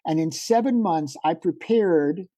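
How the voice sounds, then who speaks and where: A middle-aged man, a podcast guest, telling a personal story in a lively way and acting out the dialogue. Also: a little high, unhurried, dry recording. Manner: animated, acts out quoted dialogue. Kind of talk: conversational storytelling.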